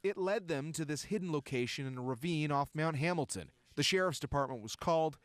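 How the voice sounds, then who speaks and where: A man narrating a network news report as a voice-over, crisp and steady. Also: a little high, brisk, a little hiss or hum.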